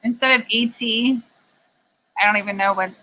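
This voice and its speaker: Bright, giggly woman chatting in a garage. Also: on the high side, steady tone, moderate pace, a little hiss or hum, low-quality recording. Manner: giggly, rambling, laughs often. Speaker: co-host. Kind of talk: casual live-stream chat. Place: home garage.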